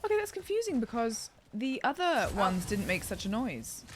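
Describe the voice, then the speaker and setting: A young woman gives let's-play commentary, chatting and reacting aloud to what happens on screen. Her voice swings widely in pitch as she talks. A faint noise sits under the recording. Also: big pitch swings, moderate pace. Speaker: gaming streamer.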